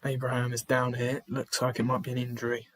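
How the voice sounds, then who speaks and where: A man's voice: medium pitch, completely flat delivery, a little fast, a bit bright. A man hosting a live football watchalong stream, chatting to viewers in the chat by name, sighing often and restarting his phrases. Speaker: livestream host. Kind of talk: live match watchalong commentary.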